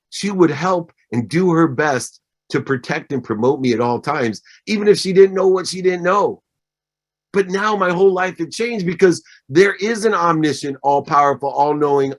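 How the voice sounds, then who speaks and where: A man in his fifties giving a motivational talk as guest speaker, emphatic and repeating his points in threes. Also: fairly high pitch. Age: 50s. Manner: emphatic, repeats phrases in triplets. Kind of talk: motivational speech.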